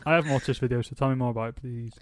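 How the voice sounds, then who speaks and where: A man's voice: mid-range voice, fairly even intonation, rapid-fire, a little hiss or hum. A man co-hosting a music podcast, talking hesitantly with restarts and trailing thoughts. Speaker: podcast co-host. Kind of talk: casual music chat.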